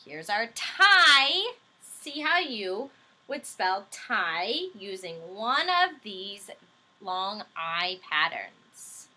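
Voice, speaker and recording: A woman's voice: medium pitch, very animated, extremely slow, bright, forceful tone. A woman teacher leading a phonics lesson for young children, patient and encouraging, stretching out words and letters as she spells them.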